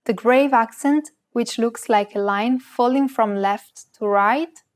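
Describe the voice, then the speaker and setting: A woman co-hosting a language lesson, reading a script and saying example words slowly and carefully. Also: fairly high pitch. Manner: slow, careful, precise pronunciation of example words.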